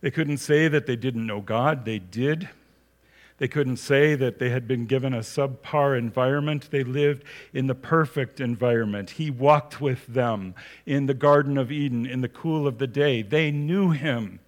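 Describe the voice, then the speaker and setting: A man preaching in a steady, mid-pitched voice. He reads scripture aloud and then explains it with emphasis. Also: a little slow. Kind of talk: sermon.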